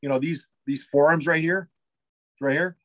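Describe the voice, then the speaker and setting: A man's voice: a little high, steady tone, normal speed, fairly bright tone. A man who owns a pizza shop, chatting casually in an interview, rambling and eager with plenty of fillers and restarts. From United States.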